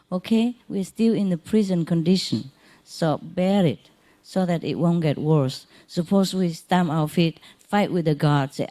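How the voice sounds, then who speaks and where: A woman with a fairly low, mellow voice gives a relaxed spiritual talk to a gathered audience. She speaks unhurriedly in plain, non-native phrasing, chuckling softly and repeating herself to comfort her listeners. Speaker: spiritual teacher. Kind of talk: informal spiritual lecture to an audience.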